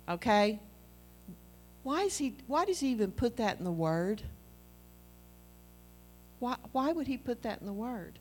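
A middle-aged woman preaching a sermon in an animated, conversational way, acting out little dialogues with her husband. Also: a little high.

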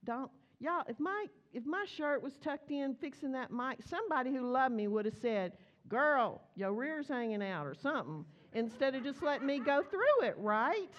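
A woman's voice: high-pitched, normal speed, few pauses, highs cut off. A woman preaching a chatty, storytelling sermon in church, acting out the dialogue as she goes. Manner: animated, chatty, acts out dialogue.

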